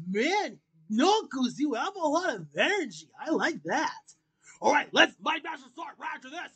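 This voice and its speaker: High-pitched, animated fan host narrating gameplay, slow-paced, with faint music behind. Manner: exclaims and cheers a lot. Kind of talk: excited gameplay commentary.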